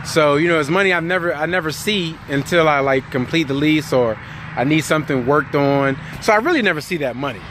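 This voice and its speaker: A man's voice: fairly high pitch, a little fast, noisy background. Chatty trucker man vlogging on his phone. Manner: joking, rambling, chatty. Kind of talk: casual vlog monologue. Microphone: phone held by hand.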